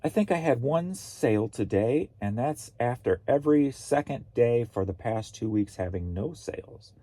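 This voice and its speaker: A man's voice: medium pitch, animated, moderate pace, dark tone, no room sound. Wry man with a sore throat. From Missouri, USA. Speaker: reseller vlogger. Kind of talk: casual vlog chat.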